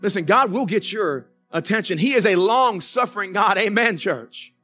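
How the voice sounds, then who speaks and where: A Southern US pastor delivers a sermon in church with a bright voice pitched high for a man. He speaks in a folksy storytelling way, calling out to the congregation for an amen. Soft music plays faintly underneath. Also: expressive, normal speed. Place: church sanctuary.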